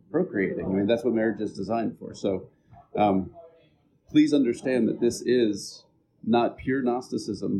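A man delivers a sermon in a relaxed, conversational way and turns aside now and then to speak straight to his congregation. His voice sits a little low, with a warm, mellow tone. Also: low-quality recording. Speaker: pastor.

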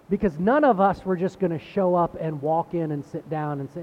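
A man's voice: a little high, normal speed, highs cut off. A man giving a sermon as pastor, in a conversational preaching style that repeats words and builds emphasis.

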